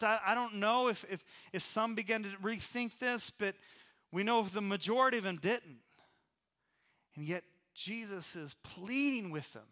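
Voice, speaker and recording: High, bright-voiced preaching man. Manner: conversational preaching, restarts, voice drops low at phrase ends. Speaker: pastor. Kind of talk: sermon. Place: church.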